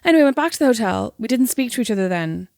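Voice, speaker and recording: Woman, Irish accent, young adult, podcast co-host, quick pace, dry close sound, animated self-mocking storytelling. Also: on the high side, gravelly, dry recording. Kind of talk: casual chat, storytelling.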